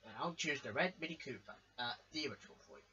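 A man's voice: medium pitch, expressive, rapid-fire, pushed and bright, breathy edge, highs cut off, faint music behind. A man hosting and directing a homemade toy show, casual and hesitant with fillers.

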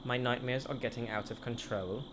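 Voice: medium pitch, fairly even intonation, moderate pace, noisy background. A let's-play host chatting, joking and reading on-screen text aloud while playing. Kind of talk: gameplay commentary. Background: loud game music.

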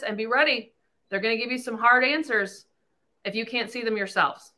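Podcast host lady, foul-mouthed and blunt, kinda high voice, animated. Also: fairly quick. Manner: blunt, profane, animated storytelling. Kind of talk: candid casual talk.

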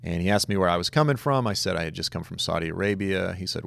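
A man teaching a conversational Bible study, telling stories in an animated, emphatic way with casual asides. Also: low voice, fast talker, gravelly, no room sound.

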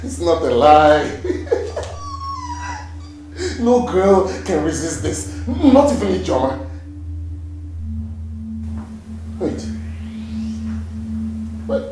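An actress with a Nigerian accent playing a greedy young woman who finds her father's hidden money, swinging from hushed whispers to loud exclamations. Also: low voice, big pitch swings, a little slow, pauses often, background noise. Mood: gloating. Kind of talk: film drama. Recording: echoey room with music behind.

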